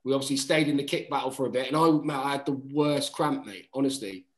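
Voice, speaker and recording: A man in his thirties, a guest on a podcast, telling stories in animated casual chat. He swears freely and keeps saying "mate.". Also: medium pitch, fast, slight background noise. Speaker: guest, rugby player. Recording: roomy echo.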